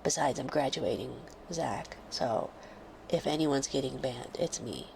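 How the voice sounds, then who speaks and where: Slow, gravelly-voiced sick woman streamer. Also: very deep voice, animated, slight background noise. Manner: slow and soft, drifting into whispers. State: sick with a fever. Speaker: livestreamer. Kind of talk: casual live-stream chat. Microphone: close studio microphone.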